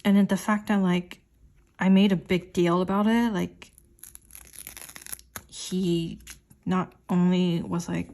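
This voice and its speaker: A young woman tells a story in a chatty voiceover while she sets up her planner. Her voice sits slightly low, and she rambles along with "like" in almost every phrase. When she quotes an argument, her voice lifts higher and gets more animated. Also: takes it slowly, long pauses. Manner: rambling, says "like" constantly; quotes her partner in a raised voice. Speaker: planner vlogger.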